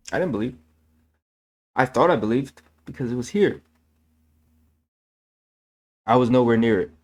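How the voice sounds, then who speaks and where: A channel host shares his faith in a casual, earnest talk, his man's voice medium-pitched with a darkish tone. He sounds preachy and repetitive, correcting his own slips as he goes and dropping fillers like "man."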